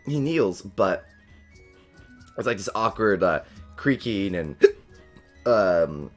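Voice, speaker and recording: A player in a tabletop game who has the hiccups, excitable and swearing, laughing often. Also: low-pitched, takes it slowly, soft background music. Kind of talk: casual tabletop game play.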